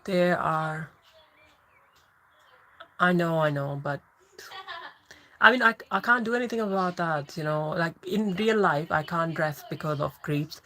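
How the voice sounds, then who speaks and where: A woman's voice: sits low, a little slow, pauses often, a bit bright, low-quality recording. A woman hosting a casual livestream, chatting and laughing as she answers viewer comments. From England. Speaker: livestream host.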